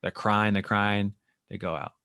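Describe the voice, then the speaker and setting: A man who works as a therapist, speaking as a podcast guest and explaining his work in an animated way, sometimes acting out what clients and therapists say. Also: fairly low pitch, measured pace, vocal fry, smooth, dry recording, clean studio sound. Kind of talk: casual interview chat.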